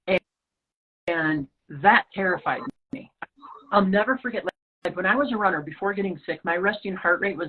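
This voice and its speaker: This woman, a podcast guest from the Rocky Mountain region of the US, has a mid-range, breathy-edged voice and a fairly quick pace. She animatedly tells a personal story, acting out the dialogue, over a lo-fi, phone-like line.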